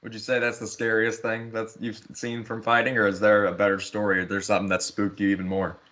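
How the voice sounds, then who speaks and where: A man's voice: on the low side, completely flat delivery, fast, sharp tone. A man hosting a podcast, asking plain questions in an easygoing, casual interview style. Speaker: podcast host.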